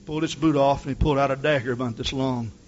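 A man preaching a sermon as pastor, telling stories with fervor and rising to shouts at the peaks. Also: medium pitch, fairly even intonation, quick pace, highs cut off. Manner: impassioned preaching, rising to shouts when quoting.

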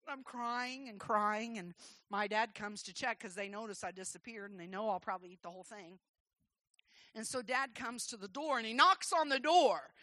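A woman preaching a sermon, telling a childhood story in a soft voice and then rising into loud, shouted exhortation. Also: fairly high pitch, normal speed, no room sound.

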